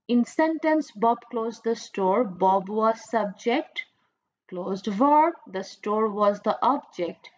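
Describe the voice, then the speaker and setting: A woman's voice: a little high, dull audio. A woman college English teacher with a Bangladeshi accent, giving a recorded lecture and explaining grammar patiently, asking questions and repeating her points. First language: Bengali.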